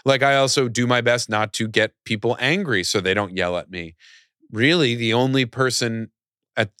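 A man's voice: mid-range voice, normal speed, pushed and bright, smooth, no room sound, studio quality. A middle-aged man chatting as a podcast guest, rambling with many restarts and fillers. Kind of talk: casual podcast conversation.

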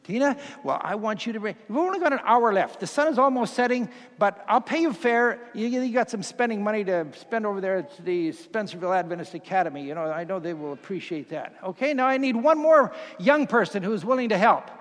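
A man with a very high voice preaches to a congregation, chatting with volunteers in a folksy way, then driving his points home with loud emphasis. His voice rings with a long hall reverb. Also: a little fast, hardly any pauses. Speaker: pastor. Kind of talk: sermon with audience participation.

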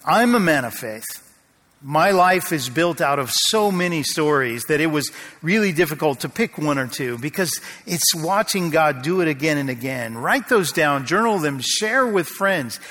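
Male pastor preaching, slightly high voice, storytelling delivery, long hall reverb. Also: lively intonation. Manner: storytelling, slows and drops to a hush at tense moments. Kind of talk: sermon.

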